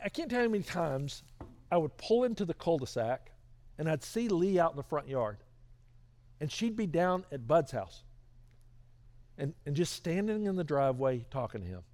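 A man's voice: on the high side, a little mellow. A middle-aged male pastor telling a story in a sermon, earnest and conversational with stammered restarts.

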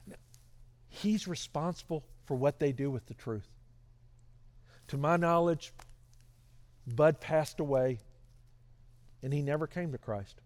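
A man's voice: fairly high pitch, a little slow, pauses often, a little mellow. A middle-aged male pastor telling a story in a sermon, earnest and conversational with stammered restarts.

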